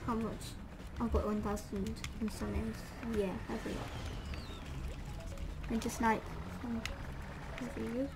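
A woman chats her way through a video game in a casual, excitable commentary, trash-talking her opponents between calm stretches. Her voice is a little high and her pace unhurried. Game music plays loudly beneath her. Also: creaky. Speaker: gamer.

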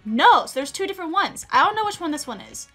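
A woman giving excitable, self-deprecating commentary over her own gameplay, laughing often. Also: extremely high pitch, quick pace, faint music behind. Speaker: gaming video creator.

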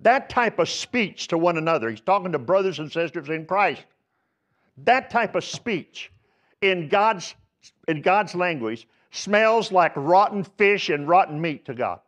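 A man's voice: high voice, lively intonation, moderate pace, a bit bright. A man preaching a sermon as pastor, telling folksy stories and building to emphatic exhortations. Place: church sanctuary.

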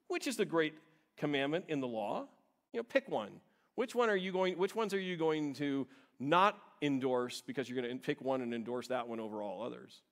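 Guy pastor giving a sermon, chatty, mid pitch. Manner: conversational preaching, stressing words. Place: church.

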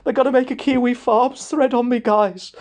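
A man's voice: extremely high pitch, fairly even intonation, normal speed, a little mellow, voice pushed up. A man putting on a panicking, whiny young man who pleads breathlessly. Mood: panicked.

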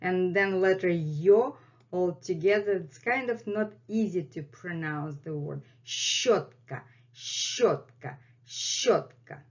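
A woman whose first language is Russian, hosting a language lesson and slowly repeating words for learners. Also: lowish voice, a little mellow. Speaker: language teacher and channel host. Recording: dull lo-fi sound.

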